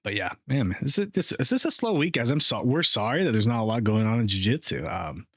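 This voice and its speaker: A man co-hosting a casual podcast, talking in a loose, joking, animated way into a studio microphone. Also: mid-range voice, a little fast, dry recording. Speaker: podcast co-host.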